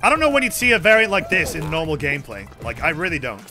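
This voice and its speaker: A young man streaming a game, chatting in a rambling, excitable way with sudden shouts and swearing. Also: a little high, quick pace, music in the background. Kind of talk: casual chat while gaming.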